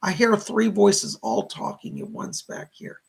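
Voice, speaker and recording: A man's voice: high-pitched, little pitch movement, a little slow, creaky, husky. A man hosting live-streamed psychic readings, relaying messages from spirits and thanking viewers for their donations. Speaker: psychic medium host.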